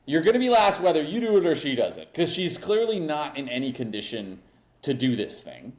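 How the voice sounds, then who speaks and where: A man's voice: on the high side, sing-song, brisk. Blunt, opinionated podcast man. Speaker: podcast co-host. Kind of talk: casual recap chat.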